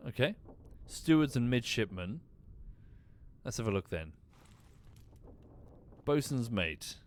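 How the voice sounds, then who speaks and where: A man's voice: mid-range voice, sing-song, slow, slight background noise. A man streaming a mystery game, casually thinking aloud, muttering and swearing now and then. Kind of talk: casual gameplay commentary.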